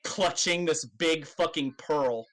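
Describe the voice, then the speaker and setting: A man narrating as game master of a tabletop game, in a loose, halting way with many fillers and casual swearing. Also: a little high, a bit bright, poor audio.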